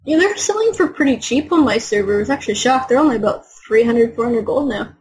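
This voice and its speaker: A woman in easygoing conversation on a gaming podcast, her voice sitting a little high. She chats in a relaxed, friendly way and laughs along with her co-host. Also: fast talker, low-quality recording. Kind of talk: casual chat.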